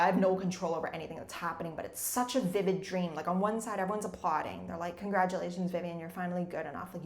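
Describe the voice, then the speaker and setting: A woman's voice: medium pitch, echoey room. A woman from Canada, a new novelist and former executive, tells a personal story in a rambling casual way, saying "like" constantly. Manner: rambling, fills nearly every phrase with "like". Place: her home in Munich.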